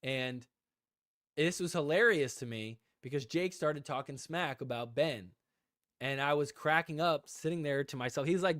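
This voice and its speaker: A man co-hosting a casual livestream podcast, telling a story with animated delivery and frequent laughter. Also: fairly high pitch, moderate pace, dry recording, studio quality. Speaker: podcast co-host.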